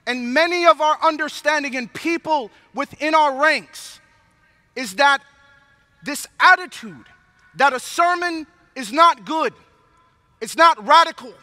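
Male preacher, slow deliberate delivery, long reverb of a large hall. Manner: solemn low prayer, then animated storytelling preaching. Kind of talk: sermon.

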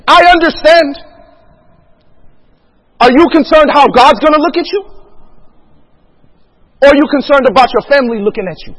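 High-voiced man preaching in a reverberant hall. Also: normal speed, long pauses, fairly bright tone. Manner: emphatic, rhetorical questions, acts out dialogue. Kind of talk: sermon.

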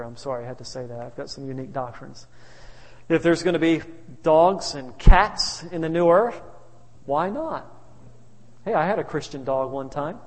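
A man's voice: on the high side, moderate pace. Man preaching in an echoey hall. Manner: humorous, anecdotal, chuckling asides. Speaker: pastor. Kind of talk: sermon storytelling. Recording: reverberant hall.

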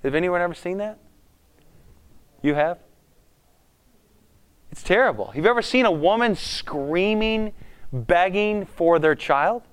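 A man preaching a conversational sermon as a pastor, often putting questions to the congregation in an animated way. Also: high voice, measured pace, pauses often, clear, resonant tone.

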